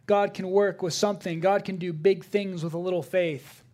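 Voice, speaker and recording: A man's voice: high voice, slow pace, darkish tone. A male pastor preaching a sermon to his congregation, emphatic and repeating key phrases for weight.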